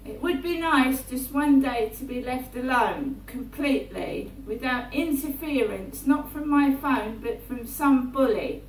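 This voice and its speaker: Woman vlogger, repetitive and slow-spoken, recorded at a distance in an echoey room. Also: high voice, animated. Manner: repetitive, often checks in with "right?". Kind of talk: rambling personal monologue. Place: indoors in her flat. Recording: roomy, distant mic, faint hum.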